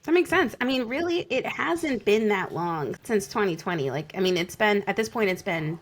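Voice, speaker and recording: A woman co-hosting a podcast in casual chat, bubbly and quick to gush over her guest's stories. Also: medium pitch, lively intonation. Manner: bubbly, gushing reactions. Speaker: podcast co-host.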